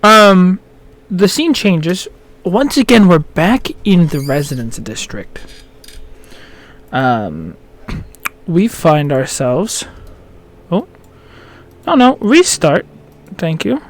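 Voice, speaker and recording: A man running a tabletop game as dungeon master, narrating scenes with many pauses and self-corrections. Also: high voice, sing-song. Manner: halting, full of ums and self-corrections.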